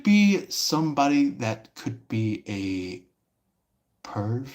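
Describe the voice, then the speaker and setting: A man giving a casual livestream tarot reading, rambling with many pauses and fillers. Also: medium pitch, steady tone. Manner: rambling, lots of fillers and restarts.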